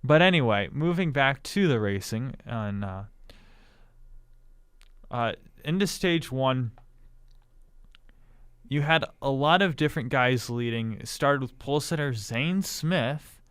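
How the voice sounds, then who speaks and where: A male podcast host chats about racing in a smooth, clear voice, bantering and defending himself with a grin. The sound is dry and close, with no room around him. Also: medium pitch, lively intonation, slow pace, long pauses, a bit bright, no echo. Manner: joking, mock-defensive banter. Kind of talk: casual racing podcast chat. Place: studio.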